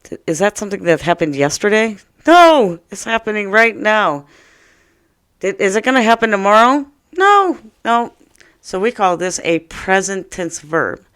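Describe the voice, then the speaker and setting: A woman teaching a first-grade lesson, speaking slowly and playfully to young children. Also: mid-range voice, fairly bright tone, clean tone, dry recording, clean studio sound.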